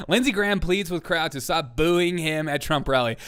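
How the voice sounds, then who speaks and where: A man's voice: on the high side, animated, moderate pace, few pauses, fairly bright tone, smooth. A man hosting a comedy news show, sarcastic and laughing often as he riffs. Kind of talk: casual comedic commentary.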